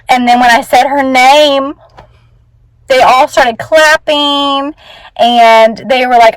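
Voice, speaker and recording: A woman's voice: a little high, a little slow, no room sound, low-quality recording. A young woman who teaches first grade, chatting earnestly in a casual vlog and peppering her story with "like.". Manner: chatty and earnest, many "like" fillers.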